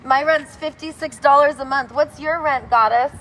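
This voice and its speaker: A woman's voice: high voice, moderate pace, a bit bright, poor audio. A woman giving a rambling, playful monologue outdoors on a city street, now and then breaking into sing-song. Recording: street traffic noise behind. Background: passing cars.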